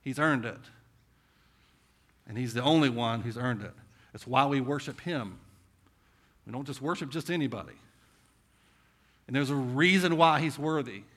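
A man with a Southern US accent preaching a conversational sermon, asking rhetorical questions and swinging between intense and hushed delivery. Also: medium pitch, normal speed, long pauses. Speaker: pastor.

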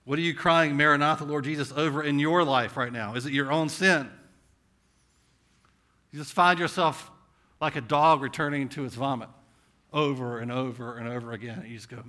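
Bright-voiced Southern preacher. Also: male voice, mid-range voice, fairly even intonation, normal speed. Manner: conversational preaching with rhetorical questions, swinging between intense and hushed. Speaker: pastor. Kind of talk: sermon.

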